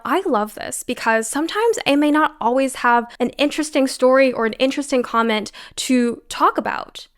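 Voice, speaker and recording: A young woman delivers scripted self-improvement advice in a fairly high voice. She coaches the listener directly and acts out the techniques she describes. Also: fairly bright tone.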